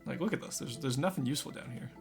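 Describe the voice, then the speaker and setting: A man streams a game live, chatting and joking with his viewers as he plays. His medium-pitched voice is creaky and races along, over background music.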